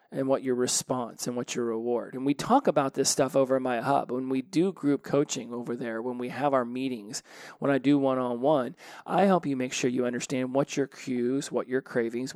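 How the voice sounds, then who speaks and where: A man's voice: mid-range voice, a little mellow, no echo. Man coaching in dry podcast talk. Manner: conversational, repeats and restarts words. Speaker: podcast host and habit coach. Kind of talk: casual solo podcast talk.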